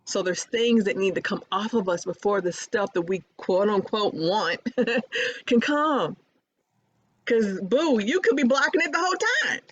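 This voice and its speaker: Woman, guest speaker, motivational spiritual talk, preachy, coaching, mid-pitched voice, muffled lo-fi sound. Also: lively intonation, normal speed, few pauses.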